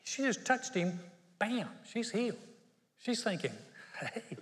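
A man's voice: sits high, a little slow, a bit bright, long reverb tail. A man preaching a sermon as pastor, telling a Bible story and acting out its people. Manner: storytelling, acts out the Bible characters.

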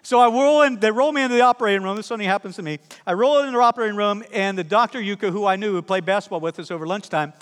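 A middle-aged male pastor delivers a sermon, animated and funny as he acts out the people in his own stories. His voice sits high for a man, and a long hall reverb trails behind every phrase. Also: racing, few pauses. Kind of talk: sermon with personal storytelling. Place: church sanctuary.

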